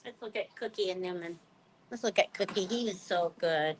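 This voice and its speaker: A woman's voice: fairly low pitch, brisk, a little hiss or hum. A woman chatting casually to her pet birds and her viewers in a playful, rambling way. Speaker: pet bird vlogger.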